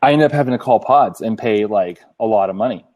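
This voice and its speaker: Male co-host, relaxed mellow tone, acts out phone calls while telling a story. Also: on the low side, fast talker. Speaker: podcast co-host. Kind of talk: casual chat.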